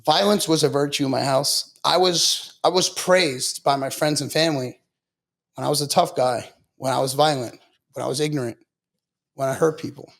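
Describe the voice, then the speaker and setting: A man's voice: on the high side, fairly even intonation, moderate pace, gravelly, a bit bright. A man from Long Island, a podcast guest, telling his story in a blunt, profane, casual way and saying "bro" a lot. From Long Island, New York.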